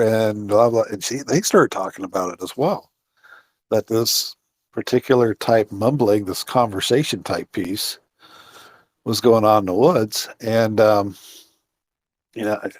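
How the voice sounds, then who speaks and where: Low-voiced rambling man telling a story. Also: darkish tone, no echo. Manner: rambling, full of fillers and restarts. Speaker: guest, outdoorsman and Bigfoot researcher. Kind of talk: casual storytelling interview.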